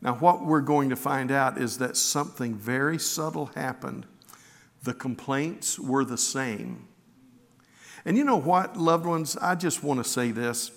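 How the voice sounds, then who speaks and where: A man's voice: mid-range voice, measured pace. A man preaching a sermon, reading scripture and telling stories in an earnest way, often restarting with repeated words. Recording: long hall reverb.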